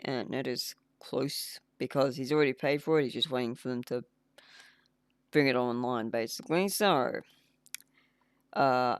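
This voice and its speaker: A man's voice: medium pitch, no room sound, studio quality. A man rambling casually on a game development livestream, laughing at himself as he clicks through files. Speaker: indie game developer streaming.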